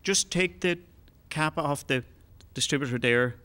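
A mysterious talking horse, put on by a man in a told joke, giving calm, practical advice. The voice sits noticeably higher and a touch louder than a plain speaking voice. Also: a little slow. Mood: helpful.

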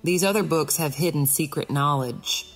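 A woman's voice: low voice, normal speed, husky, faint music behind. A woman voicing a bossy, haughty female iris flower who talks curtly and imperiously in a storybook. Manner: imperious, curt.

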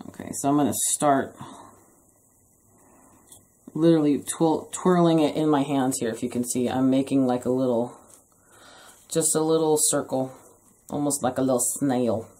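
A woman's voice: low voice, dark tone. A woman hosting a casual craft tutorial from her home craft room, chatty with jokey asides. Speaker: craft video host.

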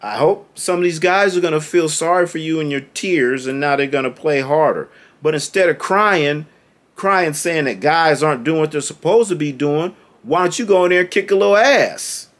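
A man's voice: a little high, normal speed. A man ranting to the camera as a sports fan, scolding and sarcastic, repeating his points over and over.

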